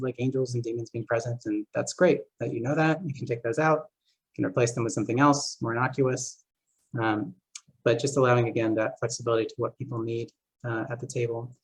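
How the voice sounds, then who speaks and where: Guy running a therapy seminar, talks casual with tons of likes and uhs, mid pitch. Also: steady tone, fast talker, rough recording. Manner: casual, filler-heavy, many "like" and "uh". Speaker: group therapist and game master. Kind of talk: seminar lecture. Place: seminar talk.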